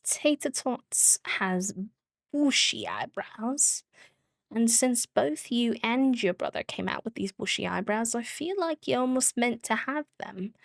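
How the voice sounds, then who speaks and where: A woman's voice: a little high, vocal fry, dry recording, studio quality. A woman streaming a game, chatting casually and giggling as she talks to her viewers. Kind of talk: casual live-stream chat while gaming.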